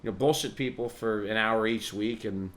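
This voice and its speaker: Profane rambling man, slightly low voice. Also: moderate pace, a bit bright. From New York. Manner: profane, sardonic, laughs at own jokes. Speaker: podcast host. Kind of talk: rambling casual monologue.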